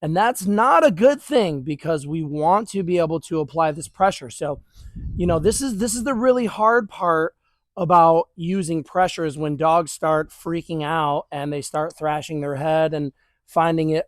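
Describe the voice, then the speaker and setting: A man's voice: a little high, normal speed, no room sound, studio quality. A man working as a dog trainer, explaining a leash exercise to viewers while praising and handling dogs outdoors. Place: outdoors near grass.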